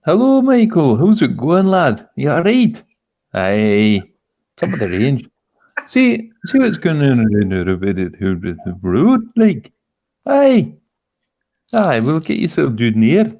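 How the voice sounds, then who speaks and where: A man putting on a loud, exaggerated Scottish accent for bantering lads. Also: medium pitch, wildly swooping pitch, slow pace, dull audio, pitched above the performer's own voice, heavily acted. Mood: rowdy. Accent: Scottish (put on).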